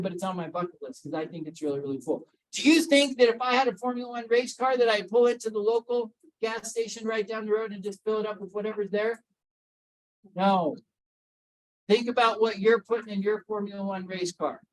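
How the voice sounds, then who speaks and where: A man with a high voice, heard on poor audio, acts as a workplace wellness speaker giving a motivational mental health talk. He repeats key points emphatically, asks his audience questions, and singles people out by name.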